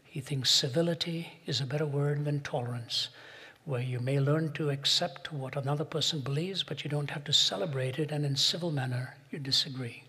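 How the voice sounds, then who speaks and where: A man giving a Christian talk to an audience, arguing his point and telling stories, slowing down and pressing hard on key phrases. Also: on the high side, bright, forceful tone, husky. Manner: rhetorical, storytelling, slows and presses for emphasis. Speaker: Christian speaker. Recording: long hall reverb.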